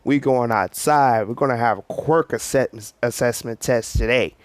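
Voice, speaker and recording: A man's voice: medium pitch, moderate pace, no room sound, natural voice. Guy doing a grumpy sleepy teacher dude, cusses, slangy, dead dry sound. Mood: gruff. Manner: blunt, slangy, cursing. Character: gruff tired male teacher, blunt and salty. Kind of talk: casual storytelling.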